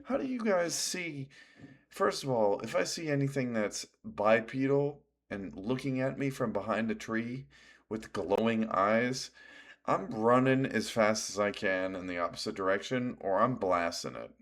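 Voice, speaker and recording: A man streaming a live reaction, excitable and blunt, swearing and laughing as he comments. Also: mid-range voice, measured pace.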